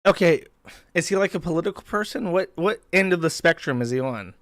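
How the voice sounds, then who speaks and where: A male streamer talks straight to his chat in a profane, incredulous tone, mocking what he just watched. His voice sits a bit high for a man. The sound is close and dry. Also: expressive, a little fast, a bit bright, no echo. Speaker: streamer host. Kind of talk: casual live-stream commentary.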